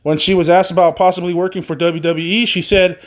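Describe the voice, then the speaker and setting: A man's voice: sits high, little pitch movement, fairly quick. Rambling man hosting a wrestling podcast. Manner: rambling, repetitive, with frequent fillers and casual swearing. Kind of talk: casual solo podcast news rundown.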